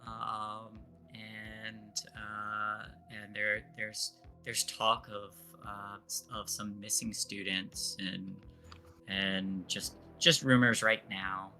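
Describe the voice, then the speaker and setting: A man narrating a tabletop role-play as game master, often halting with fillers and restarts. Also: on the low side, level tone, pushed and bright, faint music behind. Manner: hesitant, many fillers and restarts.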